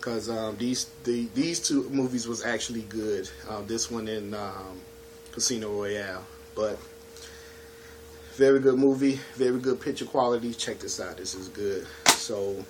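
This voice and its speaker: A man's voice: lowish voice, measured pace, darkish tone, a little hiss or hum. Laid-back chatty man reviewing his collection. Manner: laid-back, chatty, keeps saying "you know what I'm saying". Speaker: home video collection reviewer. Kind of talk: casual video review.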